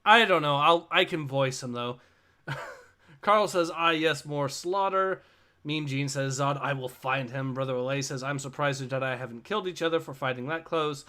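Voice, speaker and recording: A man co-hosting a casual livestream, reading viewer comments aloud in a dry, flat way. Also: on the high side, moderate pace. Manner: reads chat messages in a flat, dry tone. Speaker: co-host reading a comic on a livestream.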